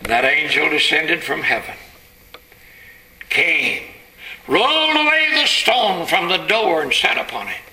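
A man preaching a sermon, telling the story dramatically and building to shouted climaxes. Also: on the high side, big pitch swings, measured pace, long pauses, a little hiss or hum, low-quality recording.

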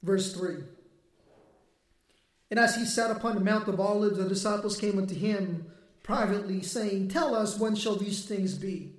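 A man delivers a sermon, pressing his points with emphatic, swelling force that nears a shout. His voice sits remarkably high for a man. The room around him rings with echo. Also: normal speed. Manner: emphatic preaching, rising to near-shouting. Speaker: preacher.

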